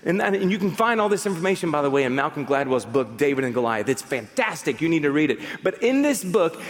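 A fairly high-pitched man preaching with mounting fervor, his voice ringing out in the long reverb of a large church hall. He talks straight to his congregation. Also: fast talker. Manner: animated, building to fired-up exhortation. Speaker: pastor. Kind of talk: sermon.

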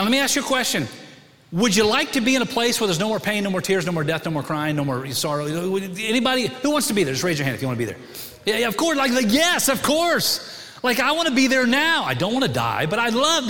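A middle-aged male pastor with a notably high voice, preaching in a relaxed, conversational way and tossing questions to the congregation. His words ring out with a long reverb, as in a large church hall. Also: fast talker. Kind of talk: sermon. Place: church sanctuary.

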